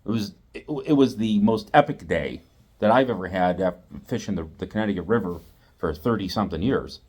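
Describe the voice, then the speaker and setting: A middle-aged man, host of a fishing channel, telling a story in a lively, repetitive way. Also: sits low, brisk. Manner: animated, acts out quotes, repeats himself. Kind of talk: storytelling monologue.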